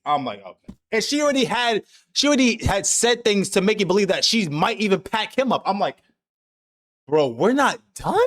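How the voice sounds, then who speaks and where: Male stream host: high, bouncy voice, animated slangy storyteller, swears freely. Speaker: anime discussion host. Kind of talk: casual chat, recapping an anime.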